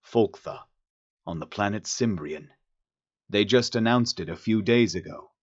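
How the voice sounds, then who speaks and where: Guy doing a super low rumbly alien dude, polite and sorry about everything, kinda muffled audio. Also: unhurried. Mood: informative. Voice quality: deep rumbling voice. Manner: conciliatory and apologetic. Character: polite, soft-spoken male alien diplomat.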